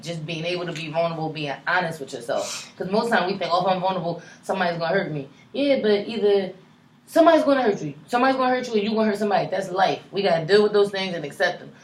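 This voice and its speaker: A woman co-hosting a casual podcast chat, emphatic and animated, swearing freely. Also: on the low side, quick pace, few pauses. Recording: echoey room with faint noise.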